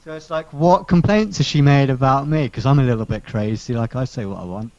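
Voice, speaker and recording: A man telling a long workplace story in casual chat, animated and sarcastic, swearing now and then. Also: medium pitch, fairly quick. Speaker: podcast co-host telling a story. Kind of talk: casual chat, venting anecdote. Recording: dull lo-fi sound.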